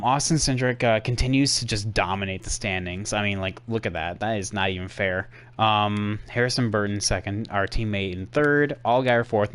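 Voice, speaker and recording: A man's voice: lowish voice, fairly bright tone. A young man casually commentating his racing game stream for his chat, sarcastic and easily exasperated, rambling with fillers.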